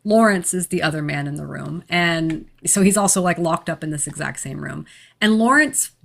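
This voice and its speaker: A woman's voice: low voice, moderate pace, creaky, fairly bright tone. A woman co-hosting a casual podcast, recapping a horror movie plot in a chatty way with fillers and frequent laughs. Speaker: podcast co-host.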